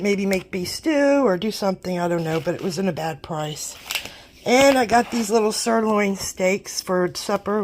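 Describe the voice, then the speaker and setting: A woman's voice: medium pitch, slight background noise. An older woman vlogger chatting casually and rambling as she shows her grocery haul, a bit self-deprecating.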